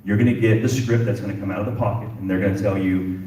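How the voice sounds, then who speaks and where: Talking fast in a lowish, steady, mellow voice, a middle-aged police chief delivers a fervent symposium speech, repeating phrases for emphasis. The echoey event hall and distant mic shape the sound.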